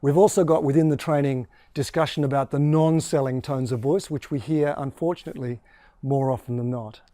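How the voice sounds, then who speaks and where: Male sales coach, mellow tone, dry close mic, demonstrates tones as he teaches. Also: medium pitch, fairly even intonation, a little fast, no echo. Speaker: sales trainer. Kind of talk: explaining a training course.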